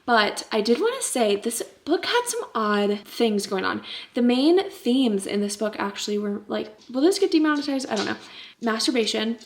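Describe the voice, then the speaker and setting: A woman's voice: a little high, very animated, normal speed. A young woman in her twenties chatting casually in a book vlog at home, giggly and full of fillers, speaking into her camera mic. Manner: hushed, half-whispered stretches. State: tired. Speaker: book vlogger.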